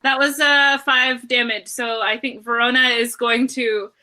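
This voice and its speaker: A woman playing a tabletop game, describing her character's actions in an animated, giggly way. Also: a little high, unhurried. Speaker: player. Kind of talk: casual tabletop roleplay.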